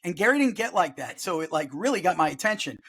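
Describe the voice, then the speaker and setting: A man's voice: high voice, big pitch swings, quick pace, fairly bright tone, slightly rough. A middle-aged man hosting a podcast, telling stories bluntly in a casual chat and swearing freely. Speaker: podcast host.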